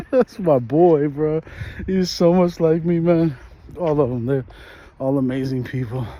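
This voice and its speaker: A man's voice: fairly high pitch, sing-song, slow pace, long pauses, dark tone, dull audio. A man in his thirties with a New York accent, rambling casually in slang while walking down a residential street and filming on a phone. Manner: laid-back slangy rambling, laughs often. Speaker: vlogger host. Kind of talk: casual walk-and-talk chat.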